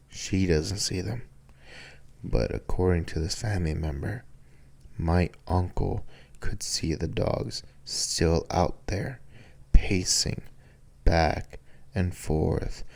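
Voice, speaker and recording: Deep-voiced man telling a scary story. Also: gravelly. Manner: slow, relaxed storytelling. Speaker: podcast host. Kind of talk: storytelling podcast.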